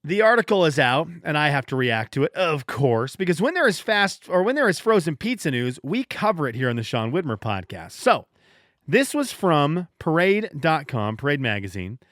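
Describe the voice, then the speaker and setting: A man in his thirties hosts a casual solo podcast, telling stories in an animated, joking way and often restarting his sentences mid-thought. His voice sits a little high and swings widely in pitch. The sound is dry and close, with almost no room echo. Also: normal speed. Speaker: podcast host.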